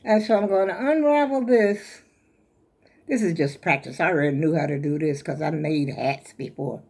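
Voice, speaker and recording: A woman's voice: sits low, moderate pace, creaky, darkish tone, husky. An older woman, chatting casually and rambling folksy to her viewers at home while a little out of breath. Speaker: vlogger showing her crochet. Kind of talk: casual chat to camera.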